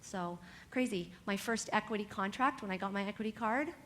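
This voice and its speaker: Speaking a little fast in a mid-range voice, a Californian dance teacher energetically encourages her young students in a motivational talk aimed right at them. A slight hiss or hum sits underneath.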